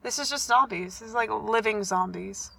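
A woman's voice: medium pitch, normal speed, creaky, sharp tone, a little hiss or hum. A young woman co-hosting a podcast in casual chat, blunt and jokey, swearing freely. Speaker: podcast co-host.

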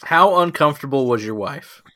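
A man's voice: medium pitch, expressive, normal speed, bright, forceful tone. A young man cracking wry, mock-grand jokes in a casual podcast chat. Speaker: podcast co-host.

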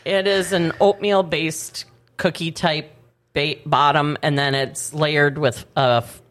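A woman's voice: low-pitched, steady tone, slow. A woman guest from a bakery explaining their goods in a radio studio, laughing often. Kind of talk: casual studio interview.

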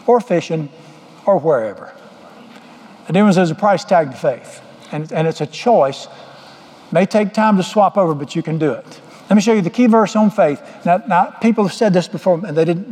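A man's voice: fairly high pitch, dark tone. A middle-aged man preaching a sermon, folksy and joking as he tells stories. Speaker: pastor. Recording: long hall reverb.

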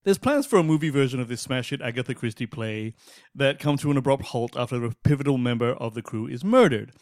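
A man co-hosting a film review podcast in casual chat, opinionated and animated, laughing often. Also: mid-range voice, quick pace, no room sound.

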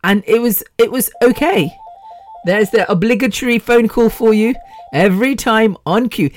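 A woman's voice: fairly high pitch, normal speed, faint music behind. A woman in her fifties hosting a podcast alone, rambling and chatty with the odd swear word. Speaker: podcast host. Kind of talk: casual solo podcast chat.

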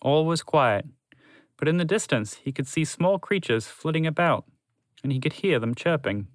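Brief: male storyteller, even and gentle, close dry mic. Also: a little high, normal speed, dry recording. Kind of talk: storybook narration.

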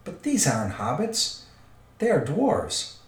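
A man voicing a gruff, blunt, impatient big man who growls his words, in a roomy recording. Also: a little high, huge pitch swings, slow pace, heavily acted. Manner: growling, curt. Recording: roomy echo.

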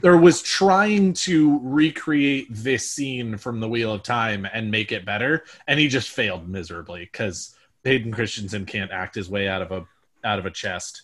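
A man's voice: on the low side, moderate pace, a bit bright. A man hosting a podcast, chatting casually and rambling with frequent restarts and hedges. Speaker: podcast host. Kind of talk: casual chat.

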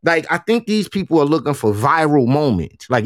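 A slightly higher-pitched man talks in loose, slangy banter and pushes his voice up when he presses a point. The sound is dry and close to the mic. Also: normal speed, no room sound. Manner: animated, casual slang, rising emphasis. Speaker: co-host. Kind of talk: political commentary chat.

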